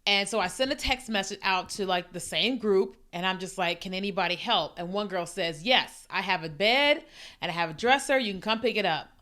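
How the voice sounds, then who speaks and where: Bright-voiced woman telling a faith story. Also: mid-range voice, a little fast. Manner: animated storytelling, acting out quoted voices. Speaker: podcast host. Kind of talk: personal faith testimony.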